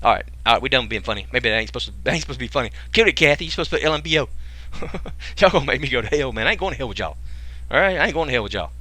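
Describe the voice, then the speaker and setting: Speaking very fast in an animated, pushed, bright mid-range voice, this man pitches a business program on a live webinar, and the recording is dry. His casual sales talk is full of jokes and folksy rhetorical questions.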